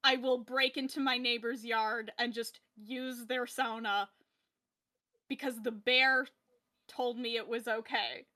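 A woman's voice: a little high, steady tone, slow, bright, forceful tone. A woman voicing a pushy, entitled middle-aged neighbor from a cartoon in a breezy, brazen way.

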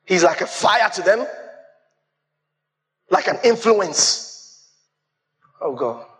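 A man preaching a sermon as pastor, quoting scripture and breaking into shouts. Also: sits high, very animated, takes it slowly.

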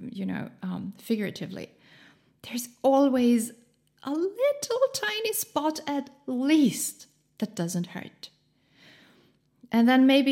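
A woman's voice: a little high, darkish tone. A woman giving a casual motivational talk in an encouraging, chatty way, laughing often and using many fillers.

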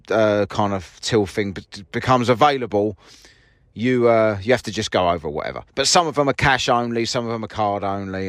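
Sitting in his parked car, a podcast host tells a sweary, mocking story as a casual monologue, his medium-pitched voice recorded dry. He acts out both sides of a quarrel.

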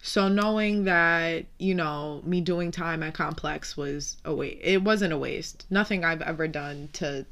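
Tearful young woman, candid and low. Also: a little slow, hardly any pauses, fairly bright tone. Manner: candid and emotional, swearing, fighting back tears. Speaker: podcast host. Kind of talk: emotional personal storytelling.

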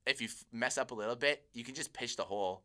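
A man's voice: medium pitch, quick pace, pushed and bright. A young man co-hosting a podcast, telling rambling stories in casual chat and laughing often. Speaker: podcast co-host.

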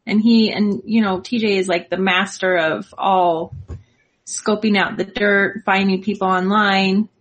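A woman's voice: mid-range voice, flat delivery, measured pace. A woman in a casual family chat, joking and giggling, with many likes in her talk. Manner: giggly, joking, filler-heavy.

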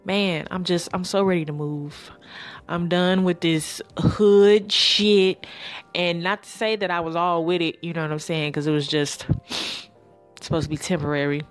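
A woman hosting her own podcast, talking in a casual, rambling way with slang, sighs and pauses. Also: on the low side, steady tone, faint music behind. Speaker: podcast host. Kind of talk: casual solo podcast monologue.

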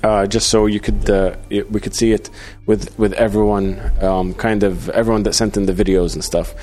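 Male host, low voice, halting casual chat, soft music underneath. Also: little pitch movement. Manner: halting, many fillers and restarts. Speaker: podcast host.

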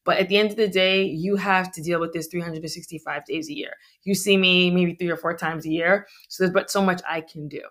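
A woman's voice: fairly low pitch, steady tone, brisk, hardly any pauses, a bit bright. A middle-aged woman, a physician guest, talking in a chatty, joking, conversational way. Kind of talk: conversational interview.

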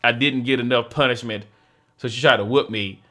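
A young man, telling a story as a podcast co-host in casual chat, animated and laughing, mimicking voices. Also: mid-range voice, brisk.

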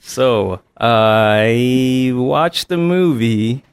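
Halting, laughing man in casual chat. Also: mid-range voice, lively intonation, smooth, dry recording. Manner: halting, restarts often, laughs a lot. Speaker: podcast co-host.

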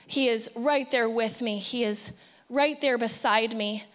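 A woman pastor preaching a sermon with passion, sometimes acting out anxious pleas and dropping to a hushed voice. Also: a little high, a little slow, in a large hall.

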